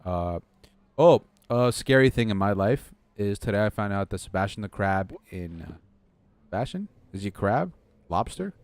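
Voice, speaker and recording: A man's voice: on the low side, lively intonation, normal speed. Rambling young man streaming from his desk. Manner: rambling, self-deprecating, talks to chat. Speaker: game streamer. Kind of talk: rambling live-stream chat. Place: home desk.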